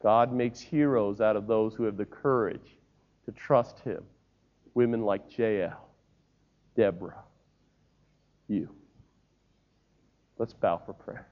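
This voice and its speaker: A man preaching a sermon, telling stories with lively voiced characters and rising to shouts. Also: fairly low pitch, slow, pauses often. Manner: animated storytelling, voicing characters, rising to shouts. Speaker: pastor. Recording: dull lo-fi sermon recording.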